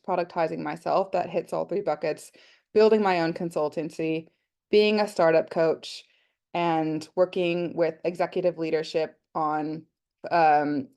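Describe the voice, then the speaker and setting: A woman's voice: fairly low pitch, darkish tone, clean tone. An Australian woman presenting an online workshop on a video call, chatty and thinking aloud with lots of fillers. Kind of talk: casual online workshop talk.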